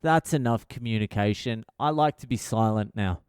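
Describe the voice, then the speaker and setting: A man's voice: medium pitch, moderate pace, darkish tone, clean tone, no room sound. Middle-aged Australian male podcaster, crude and rambling, clean close voice, no room sound. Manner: profane, blunt, rambling. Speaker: podcast host. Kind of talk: casual storytelling monologue.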